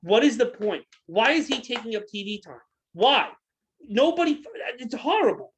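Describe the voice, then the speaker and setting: A man's voice: very high-pitched, big pitch swings, normal speed, a little hiss or hum. A man co-hosting a casual podcast, ranting angrily and profanely, firing repeated questions. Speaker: podcast co-host.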